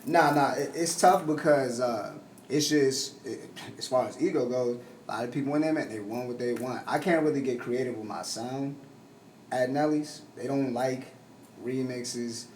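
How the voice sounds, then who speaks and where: A man's voice: mid-range voice, normal speed, a little mellow. Laid-back DJ guy, echoey distant mic. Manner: laid-back, loose, swears and says bruh. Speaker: DJ guest. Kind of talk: casual podcast chat. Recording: echoey room, distant mic, faint noise.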